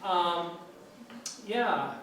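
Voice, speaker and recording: A middle-aged man gives an informal English lecture in a lecture hall, chatty, asking students questions and imitating regional accents. His voice is high and animated but very slow. The echoey hall is recorded from far off with faint noise.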